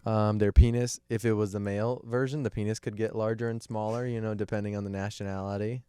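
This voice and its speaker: A man's voice: fairly low pitch, level tone, warm tone, smooth, no echo, studio quality. A man co-hosting a podcast in casual chat, riffing with crude jokes. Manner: crude, joking, drawn-out riffing. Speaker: podcast co-host.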